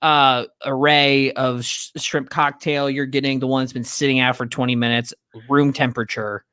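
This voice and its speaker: A man's voice: mid-range voice, little pitch movement, normal speed, pushed and bright, clear, resonant tone. A young man co-hosting a casual podcast, chatting and laughing easily while ranking party foods. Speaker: podcast co-host.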